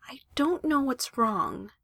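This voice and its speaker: A woman voicing a shy young woman who speaks quietly and hesitantly. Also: mid-range voice, animated, measured pace, breathy edge, no echo, clean studio sound, heavily acted.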